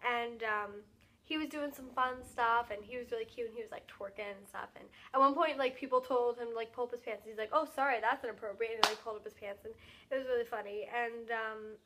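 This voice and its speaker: Gushing young woman with a bright voice. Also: on the high side, steady tone, a little hiss or hum. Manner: gushing, fast, filler-heavy with lots of "like". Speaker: vlogger. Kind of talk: excited casual recap.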